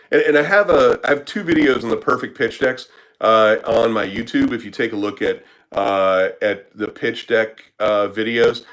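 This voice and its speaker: A man's voice: fairly low pitch, fairly bright tone, rough recording. A man who works as a startup business consultant, answering questions in a casual live Q&A, blunt and profane with lots of filler words.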